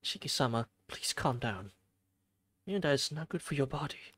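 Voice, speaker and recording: A streamer reading a visual novel aloud and voicing a soft-spoken, polite young female maid, with quiet, formal and deferential speech. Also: medium pitch, expressive, normal speed, breathy edge. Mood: concerned.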